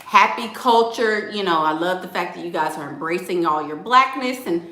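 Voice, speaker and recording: Sassy, bright-voiced woman in an echoey room. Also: lowish voice, lively intonation, moderate pace. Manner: blunt, sassy and playful, with frequent laughs. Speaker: dating coach. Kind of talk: livestream advice talk, reading viewer comments.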